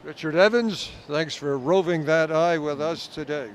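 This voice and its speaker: A man's voice: fairly high pitch, normal speed, a little hiss or hum. A man hosting a tennis talk show, asking questions and running giveaways in an upbeat, promotional manner. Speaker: show host, interviewer.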